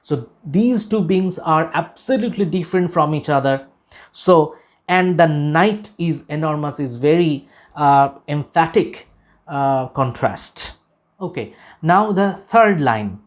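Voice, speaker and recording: A man lecturing on a poem, deliberate and emphatic, repeating key phrases and pausing often with "uh". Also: a little high, expressive. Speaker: literature lecturer. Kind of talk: recorded lecture explaining a poem.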